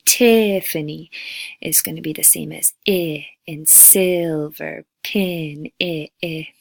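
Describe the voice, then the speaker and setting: A woman teacher in a recorded lecture, drawing out vowel sounds one by one. She speaks slowly, with a lowish voice and a gravelly edge. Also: no echo. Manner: slow, deliberate, modeling vowel sounds.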